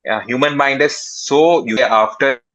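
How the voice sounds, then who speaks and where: A man answering interview questions as a startup founder, pausing often with drawn-out fillers. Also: mid-range voice, a bit bright, rough recording. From India.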